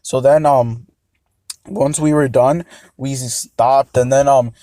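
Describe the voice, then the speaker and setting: A man's voice: mid-range voice, steady tone, slow pace, dark tone, dry recording. A young man telling a casual storytime, rambling and hesitant with many fillers. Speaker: vlogger.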